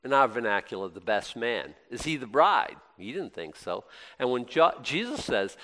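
Animated preacher in a reverberant hall. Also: male voice, medium pitch, unhurried. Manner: conversational preaching with rhetorical questions and sudden excited bursts. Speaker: pastor. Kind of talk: sermon.

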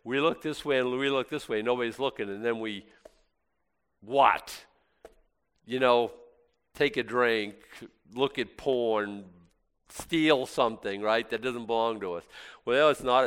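A man preaching a sermon, swinging from loud exclamations to soft, intimate asides. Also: medium pitch, measured pace, smooth.

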